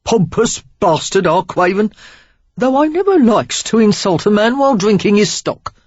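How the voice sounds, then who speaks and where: A woman's voice: medium pitch, very animated, normal speed, a little mellow, no room sound, voice pushed up. A woman voicing a stocky, roguish Cockney man who talks in a breezy, flirtatious way, on a dull, slightly muffled audiobook recording. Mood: easy. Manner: breezy, flirtatious, casual slang.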